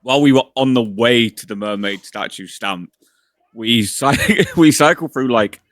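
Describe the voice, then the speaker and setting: A man co-hosting a podcast, telling stories in sweary casual chat. His voice sits in a middle pitch and sounds dry and close to the mic. He gets loud and animated as he retells things. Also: a little slow, dry recording. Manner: sweary, animated, often shouts when retelling. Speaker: podcast co-host.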